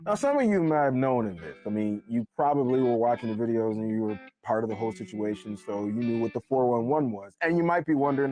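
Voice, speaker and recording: A man giving his opinion in a casual commentary. He talks emphatically and slows down with deliberate pauses to land each point. Faint guitar music plays behind him. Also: medium pitch, a little mellow. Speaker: commentator on a clip.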